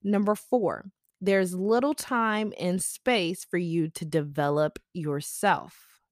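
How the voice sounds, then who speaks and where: A woman's voice: fairly low pitch, takes it slowly, no echo, clean studio sound. A young adult woman hosting a podcast, talking casually and reflectively about family psychology with personal asides and fillers. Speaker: podcast host.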